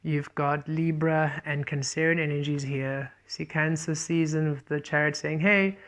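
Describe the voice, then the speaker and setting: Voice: medium pitch, level tone, moderate pace. Earnest, repetitive spiritual tarot reader. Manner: often relays messages as quoted speech. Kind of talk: spiritual tarot reading monologue.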